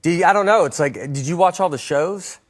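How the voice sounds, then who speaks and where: A man with a Southern US accent chatting as a talk show guest, halting and self-deprecating with many restarts. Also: a little high. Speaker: comedian guest. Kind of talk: casual talk show chat.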